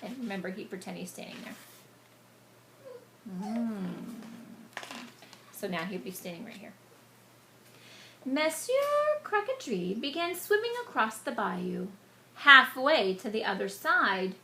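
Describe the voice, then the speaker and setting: A woman reading a picture book aloud to children, animated and stopping to explain words to them. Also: medium pitch, unhurried, long pauses, noisy background. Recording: echoey room.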